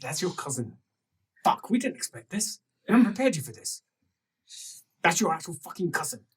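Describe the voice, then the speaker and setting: A game master voicing a boisterous, crude bearded nobleman who announces guests loudly and swears freely. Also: high voice, sing-song, moderate pace, pitched above the performer's own voice, exaggerated voice. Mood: urgent.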